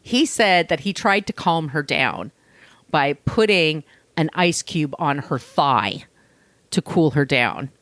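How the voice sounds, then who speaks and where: A woman co-hosting a podcast, telling a true-crime story in casual, animated chat and swearing now and then. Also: sits low, takes it slowly, no echo. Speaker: podcast co-host.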